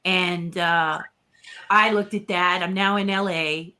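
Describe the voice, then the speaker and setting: Older woman telling a lively story. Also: lowish voice, slow pace. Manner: lively storyteller who acts out quoted dialogue. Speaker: guest puppeteer. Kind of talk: casual storytelling in an interview.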